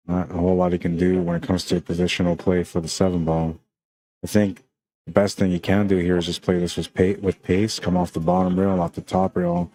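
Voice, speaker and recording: A relaxed male pool commentator with a Spanish accent and a low, mellow voice, talking the stream through each shot. He speaks in an even, unhurried tone, chatting loosely and often tossing in "man" and "like". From Canada. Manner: laid-back, chatty, peppered with "man" and "like". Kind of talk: casual live-stream commentary.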